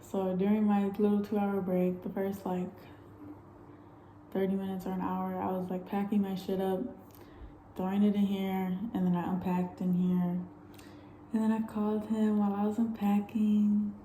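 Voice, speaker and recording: A young woman chats straight to camera with a very dark, mellow tone, her voice bouncing around a roomy space. She tells her travel stories in a candid, animated way and swears freely. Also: medium pitch, moderate pace, a little hiss or hum. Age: young adult. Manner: candid, animated storytelling with frequent swearing and laughs. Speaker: travel vlogger. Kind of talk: casual storytelling vlog.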